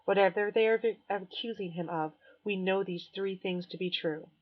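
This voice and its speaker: A woman reading an audiobook voices a calm, kind female teacher speaking softly and reassuringly, on a dull lo-fi recording. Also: medium pitch, normal speed, a little hiss or hum, natural voice. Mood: gentle.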